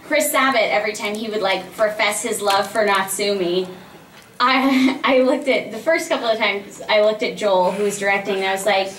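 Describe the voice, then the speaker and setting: A woman's voice: mid-range voice, normal speed. A woman voice actress answering audience questions on a convention panel, animatedly acting out stories and laughing often. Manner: animated storyteller who acts out quoted exchanges and laughs often. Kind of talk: casual audience Q&A. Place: large convention panel room. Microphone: filmed from the audience by a distant camera. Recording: echoey hall recorded from far off with faint hum.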